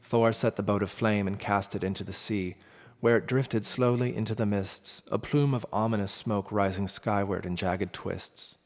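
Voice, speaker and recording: A man narrating a myth in a measured, dramatic storytelling manner. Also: lowish voice, steady tone. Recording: long reverb with faint music.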